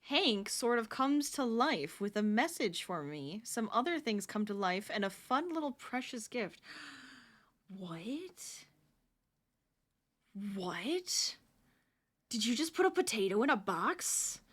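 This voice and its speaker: A woman's voice: a little high, big pitch swings, moderate pace, few pauses, fairly bright tone. A woman streaming live while she crochets, chatting and laughing with her viewers and counting stitches under her breath.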